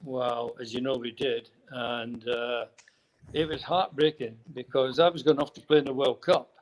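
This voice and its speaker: In poor audio, an older man from Scotland, a former footballer, rambles through casual anecdotes as a guest, chuckling here and there. His mid-range voice keeps a fairly even intonation at a moderate pace.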